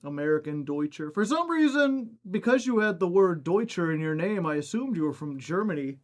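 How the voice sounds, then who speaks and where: A man's voice: high voice, big pitch swings, fairly quick. A young man streaming a game, out of breath after exercise, chatting casually and greeting viewers by name. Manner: chatty, reading out chat names.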